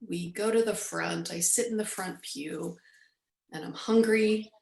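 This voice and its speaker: A woman in her forties, the guest, telling a personal story with lively storytelling and acted-out quotes. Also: fairly low pitch, measured pace, vocal fry, roomy sound, low-quality recording. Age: 40s. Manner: animated storyteller, acts out quoted speech. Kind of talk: storytelling in an interview.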